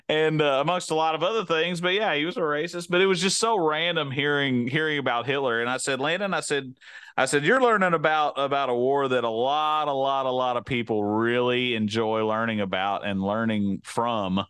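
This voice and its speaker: Bright-voiced man chatting, laughing easily. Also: medium pitch, fairly quick, smooth, no echo, clean studio sound. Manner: rambling storyteller, laughs often. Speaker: podcast co-host. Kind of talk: casual chat.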